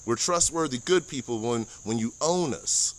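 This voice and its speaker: A boastful slave owner bragging to his friends, mimicked by a man. The voice drops lower and quieter, carrying a mocking edge. It sits at a medium pitch. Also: animated, moderate pace, lightly acted.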